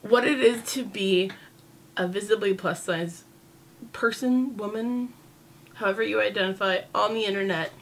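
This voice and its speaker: A woman's voice: mid-range voice, normal speed, a little hiss or hum. A woman talking candidly to camera in a casual vlog, chatty and sassy, with lots of fillers. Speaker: vlogger.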